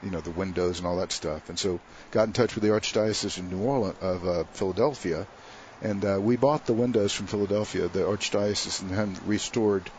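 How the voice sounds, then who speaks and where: Man, priest, low voice, storytelling, faint background hiss. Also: brisk, a little mellow. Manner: chatty, anecdotal, laughs while telling stories. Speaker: priest guest. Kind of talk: casual storytelling interview.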